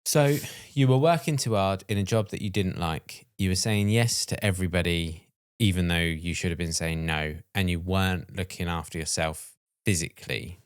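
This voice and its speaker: A man's voice: sits low, moderate pace, smooth, no room sound, studio quality. A man co-hosting a podcast, supportively summarizing his partner's story and prompting her to go on. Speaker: podcast co-host. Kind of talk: casual conversational interview.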